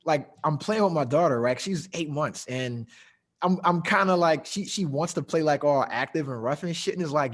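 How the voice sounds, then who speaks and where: A man's voice: a little high, expressive, moderate pace. A young adult man hosting a casual podcast, telling loose, profane stories with frequent laughs. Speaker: podcast host.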